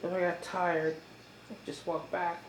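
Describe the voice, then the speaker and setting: A woman's voice: fairly low pitch, little pitch movement. Rambling woman in an echoey room. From United States. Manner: rambling, halting, with many fillers; chewing while talking. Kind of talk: casual monologue. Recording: echoey room with faint noise.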